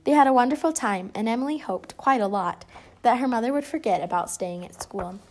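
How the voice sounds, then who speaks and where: Woman reading a kids picture book out loud, lively, bit high voice. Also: fairly quick. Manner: lively, expressive storytelling. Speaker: storybook reader.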